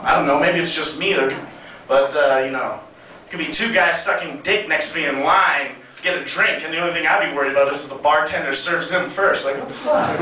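A man performing a crude stand-up comedy set, brash and punchy, with sudden loud bursts. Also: on the high side, very noisy. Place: comedy club stage. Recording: echoey club sound from a distant mic, crowd laughter. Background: audience laughing.

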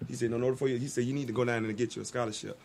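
A man talking quickly and animatedly, jumping into the voices of the people in his story. His voice sits in a middle range, with a faint hiss behind it. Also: medium pitch, creaky. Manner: animated, acts out quotes. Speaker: guest storyteller. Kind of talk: casual storytelling.

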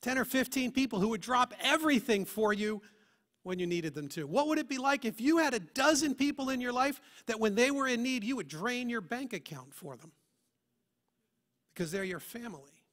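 A male pastor delivering a sermon in a church. His voice runs high and bright, and he presses his points with earnest rhetorical questions. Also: lively intonation, moderate pace.

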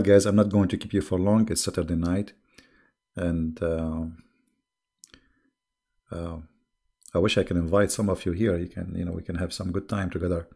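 An Arab man with an Arabic accent and a deep, somewhat mellow voice runs an online debate show. His monologue is mocking and sarcastic, broken up often by laughter.

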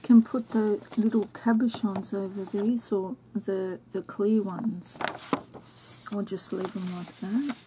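A woman host of a crafting channel, unboxing a craft swap package and gushing over each item in soft exclamations and whispers. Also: medium pitch, steady tone, slow, a little hiss or hum.

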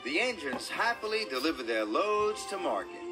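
A man narrating a children's story in a slow, gently expressive way. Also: fairly high pitch. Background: music.

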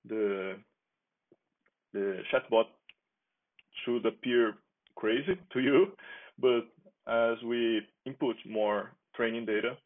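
A man casually demonstrating his software project on a screen share, talking in a halting, unhurried way and chuckling as he goes. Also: mid-range voice. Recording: tinny phone-like lo-fi audio.

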